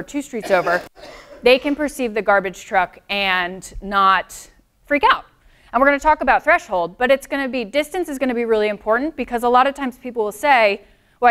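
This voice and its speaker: A woman with a smooth, resonant voice leads a seminar on dog behavior. She explains things patiently and picks up on comments from the audience. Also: a little high, a bit bright. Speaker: dog trainer. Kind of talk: presenting a live seminar.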